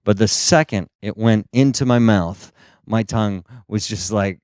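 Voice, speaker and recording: A young man from the United States performs stand-up comedy into a handheld microphone, his voice smooth and resonant in a dry, close sound. He tells his stories in an animated, playful way. He keeps breaking into silly, high-pitched voices for the people he quotes. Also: a little slow, dry recording. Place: small stage.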